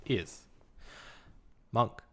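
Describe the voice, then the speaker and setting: A man's voice: drawn-out words, bright, forceful tone. A man co-hosting a casual tabletop gaming podcast, dry and teasing, swearing offhandedly. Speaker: podcast co-host. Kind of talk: casual chat.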